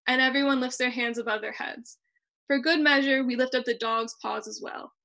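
A young woman reading her own personal essay aloud over a video call, in a measured and expressive way. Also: high-pitched, gravelly. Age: young adult. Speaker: student reader.

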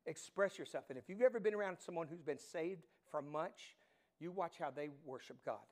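A middle-aged man preaching a sermon as pastor, animated storytelling that swings from hushed to loud. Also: on the high side, fairly quick.

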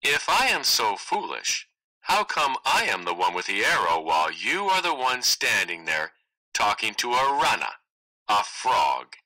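A man's voice: lowish voice, huge pitch swings, unhurried, sharp tone, heavily acted, rough recording. A man voicing a clever, enchanted little female frog in a read-aloud play, wry and teasing. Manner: wry, teasing, matter-of-fact.

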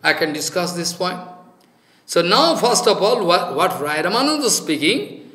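A man's voice: high-pitched, big pitch swings, moderate pace, bright, forceful tone, reverberant. A man giving a devotional lecture in English, emphatic and repetitive, sometimes mocking others in put-on voices. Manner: emphatic, mocking impressions of others, repeats phrases. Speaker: spiritual teacher.

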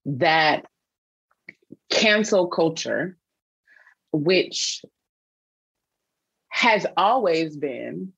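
A woman's voice: sits low, a bit bright, dry recording, dull audio. A woman theologian being interviewed on a podcast, speaking earnestly and reflectively with frequent restarts. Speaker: guest, theologian and author.

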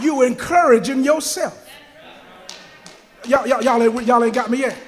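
A man preaching a fervent sermon as pastor, repeating phrases and rising to shouts. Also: very high-pitched. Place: church sanctuary. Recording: long church-hall reverb.

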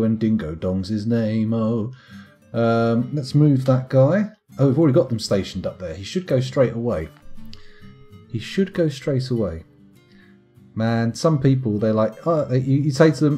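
A man's voice: medium pitch, a little slow, dark tone, faint music behind. A man streaming a strategy game live, muttering wryly to himself as he plays. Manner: wry, muttering to himself while playing. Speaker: gaming streamer.

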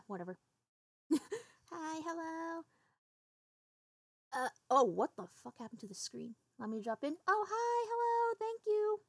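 A woman's voice: fairly high pitch, husky, no room sound, clean studio sound. A woman streamer chatting casually with her viewers while setting up and playing a game, swearing offhandedly. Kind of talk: casual livestream chat while gaming.

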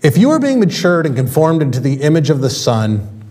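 A male pastor preaching a sermon in a church, talking in a conversational way with quick asides. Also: a little high, wildly swooping pitch, a little mellow. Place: church sanctuary.

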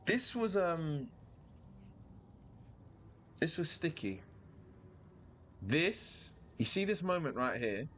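Slow-talking man streaming gameplay. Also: a little high, a little hiss or hum. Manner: animated, playful, sudden loud outbursts; thinks aloud, repeats phrases. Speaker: streamer playing a video game. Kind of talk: live gameplay commentary.

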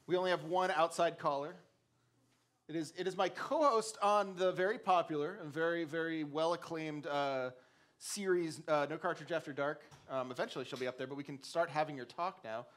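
Live podcast host; casual man, a bit high-pitched, upbeat announcer with fillers. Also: fairly quick, fairly bright tone. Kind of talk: hosting live podcast show. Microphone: stage mic before live audience.

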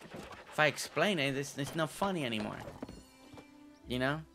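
A man's voice: mid-range voice, lively intonation, normal speed, pushed and bright. A man streaming a game, chatting playfully with his viewers and joking around. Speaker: gaming streamer. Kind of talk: casual gameplay commentary. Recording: faint game music behind.

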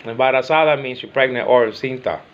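A man's voice: mid-range voice, fairly quick, muffled recording, a little hiss or hum. An older man whose first language is Spanish, chatting casually in a home vlog, rambling and repeating himself, teasing and affectionate. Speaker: vlogger.

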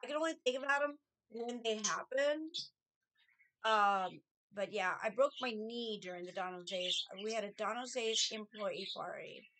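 A middle-aged woman telling casual stories from her past, chatty and animated, acting out what people said. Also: measured pace. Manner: chatty, animated, acts out quotes in a higher voice. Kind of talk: casual storytelling.

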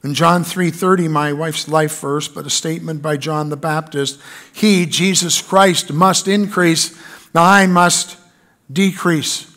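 A man's voice: on the high side, fairly even intonation, takes it slowly, a bit bright. A man preaching a sermon in church, reading scripture aloud and building emphasis on key lines. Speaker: pastor.

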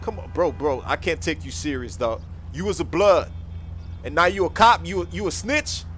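A man playing a whiny pulled-over driver, high and bright. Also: expressive, moderate pace, faint music behind. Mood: pleading. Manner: pleading and complaining, calls everyone bro.

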